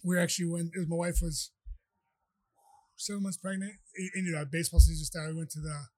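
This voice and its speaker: A man who is a professional fighter, chatting as a podcast guest and telling rambling, animated anecdotes. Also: on the high side, fairly quick, no echo. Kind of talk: casual storytelling.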